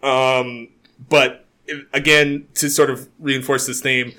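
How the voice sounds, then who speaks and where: A man co-hosting a casual podcast chat about a TV show, animated and laughing often as he acts out scenes. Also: mid-range voice, slow pace. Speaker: podcast co-host.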